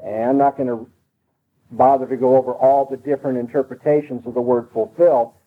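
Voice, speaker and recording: A man's voice: medium pitch, steady tone, fairly quick. A man preaching an expository sermon, emphatic and driving his points home by repeating them. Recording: tinny phone-like broadcast sound.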